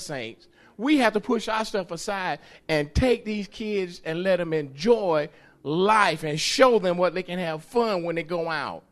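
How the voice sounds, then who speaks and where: A man giving an animated testimony in church, folksy and excitable, laughing and hollering as he tells it. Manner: folksy, excitable, laughs while telling, hollers at the high points. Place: church sanctuary.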